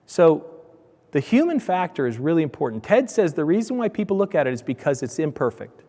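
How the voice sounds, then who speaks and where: A middle-aged man giving a conference keynote, telling stories in a lively way and acting out the voices of his family. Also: a little high, a little fast. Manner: animated storyteller, acts out family dialogue. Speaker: keynote speaker. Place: large conference hall. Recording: hall reverb.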